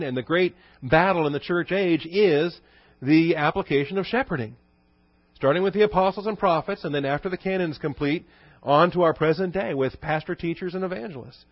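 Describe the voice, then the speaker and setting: Pastor man, higher voice, dull dry audio. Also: no echo. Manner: conversational teaching with rhetorical questions; reads scripture quotes slowly and low. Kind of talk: expository sermon.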